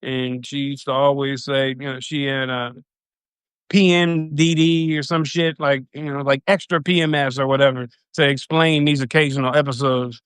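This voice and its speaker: Smooth-voiced man telling a story casually. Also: mid-range voice, little pitch movement, normal speed, a bit bright, no room sound. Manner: profane, rambling, loose retelling. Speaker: livestreamer.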